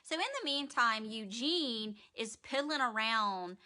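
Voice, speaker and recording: A woman giving a casual, animated, profane recap of a TV episode. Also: a little high, slow pace. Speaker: TV recap vlogger.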